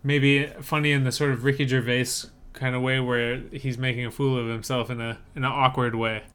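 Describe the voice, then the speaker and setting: Podcast co-host, male; bright, crisp voice; easygoing and opinionated. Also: medium pitch, little pitch movement, a little fast. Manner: opinionated, easygoing, with frequent fillers. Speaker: podcast co-host reviewing movie trailers. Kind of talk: casual chat.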